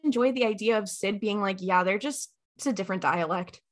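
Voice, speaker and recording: A woman co-hosting a podcast, talking in animated casual chat and swearing freely. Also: medium pitch, brisk, soft background music. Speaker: podcast co-host.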